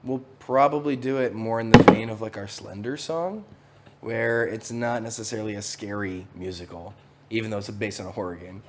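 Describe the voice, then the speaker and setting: A man with a hoarse voice co-hosting a casual live chat, relaxed and chatty. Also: lowish voice, normal speed, background noise. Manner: relaxed, chatty, laughs often. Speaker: co-host of a live chat stream.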